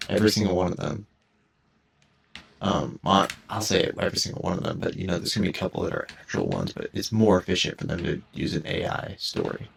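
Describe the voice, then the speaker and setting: A man's voice: low voice, gravelly, a little hiss or hum. A young man rambling hesitantly while commenting on his own gameplay, often restarting his sentences, recorded on a cheap home mic. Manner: hesitant, halting, many restarts.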